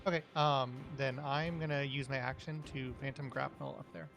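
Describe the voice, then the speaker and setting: A man with a gravelly, fry-heavy voice talks through his turn in a tabletop game. He speaks hesitantly and thinks out loud, filling the gaps with likes and ums, while faint music plays underneath. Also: medium pitch, fairly even intonation, moderate pace. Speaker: player. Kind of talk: casual tabletop game play.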